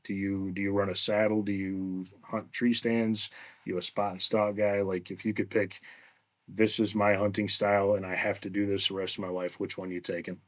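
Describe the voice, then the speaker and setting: Male podcast host, very low voice, relaxed and chatty interviewer. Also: moderate pace. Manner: relaxed, chatty, conversational questions. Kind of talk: casual interview chat.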